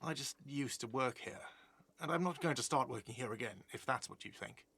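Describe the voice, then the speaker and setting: A man's voice: medium pitch, lively intonation, brisk, fairly bright tone, breathy edge, no room sound. An actor voicing a whiny, defensive male cafeteria manager in a video game, dry close sound. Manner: defensive, sarcastic. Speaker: game character.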